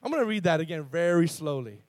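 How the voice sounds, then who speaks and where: A man preaching a sermon in a church, fervent and building to loud, emphatic call-outs, often repeating and restarting his words. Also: on the high side, very animated, fast, no echo, studio quality. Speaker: pastor. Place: church sanctuary with congregation.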